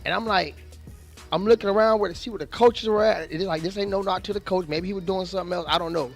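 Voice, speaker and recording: A high-pitched, gravelly man hosts a local sports show. He talks bluntly and animatedly, piling up restarts and slang. Faint music plays behind him. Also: quick pace. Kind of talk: casual sports commentary.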